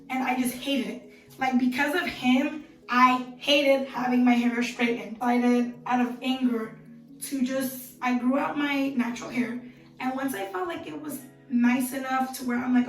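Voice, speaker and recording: A young woman telling personal stories to camera in a chatty, animated way, acting out quoted voices as she goes. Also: high voice, recorded from a distance. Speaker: beauty vlogger. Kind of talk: casual storytelling to camera. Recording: roomy, mic set back, soft music.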